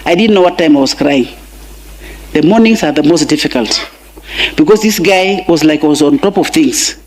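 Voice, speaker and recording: A woman's voice: low-pitched, expressive, moderate pace, darkish tone, slight background noise. A middle-aged Kenyan woman with a Kenyan accent giving an emotional eulogy for her husband and mixing in Swahili phrases. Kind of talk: funeral eulogy speech. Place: large funeral gathering.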